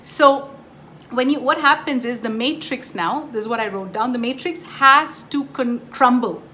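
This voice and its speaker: With a sharp tone and a voice on the high side, a woman speaks a little slowly while offering casual spiritual teaching. She tells stories emphatically and addresses viewers as "you guys." The audio carries a bit of hiss or hum.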